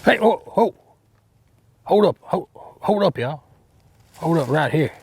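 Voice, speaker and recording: A cocky Alabama redneck Bigfoot hunter, folksy Southern drawl, rambling, fairly high voice. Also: male voice, animated, takes it slowly, a little mellow, husky, no room sound, heavily acted. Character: bumbling boastful redneck Bigfoot hunter man. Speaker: hunting show host character. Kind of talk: mock outdoor show comedy acting.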